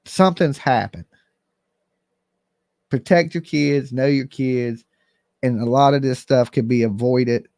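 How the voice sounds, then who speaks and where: A man's voice: mid-range voice, steady tone, unhurried, long pauses, darkish tone, no echo, clean studio sound. A man hosting a live call-in commentary stream, talking bluntly and emphatically straight to his viewers. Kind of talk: casual livestream commentary.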